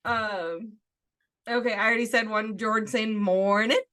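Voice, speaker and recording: Podcast co-host, woman, bright voice, chatty and eager, acts out quotes. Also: on the high side, fairly even intonation, unhurried. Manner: enthusiastic, acts out quoted lines. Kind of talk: casual chat, quoting film lines.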